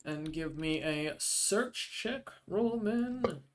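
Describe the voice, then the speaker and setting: A man's voice: sits high, animated, slow pace. A man narrating as game master of a tabletop game, hesitant and full of ums and uhs.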